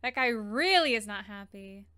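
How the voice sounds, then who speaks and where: A woman hosting a casual movie reaction, animated and exclaiming at the screen. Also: medium pitch, normal speed, smooth.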